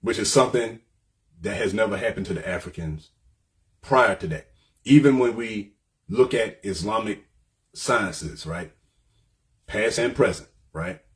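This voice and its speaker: A man's voice: on the low side, lively intonation, measured pace, pauses often. A man giving an informal lecture, explaining point by point and often checking in with "right?". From United States. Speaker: commentator.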